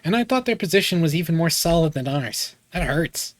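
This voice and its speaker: A man's voice: fairly high pitch, expressive, a little fast, no echo, natural voice. A man reading the lines of a confident businessman on the phone in a game, with a breezy, easygoing delivery. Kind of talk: reading game dialogue aloud.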